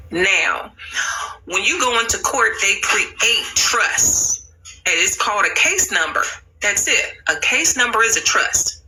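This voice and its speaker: A woman's voice: medium pitch, measured pace, pushed and bright, slight background noise, poor audio. A woman hosting a livestream, telling a story in a casual, slangy way and swearing freely. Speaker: livestream host.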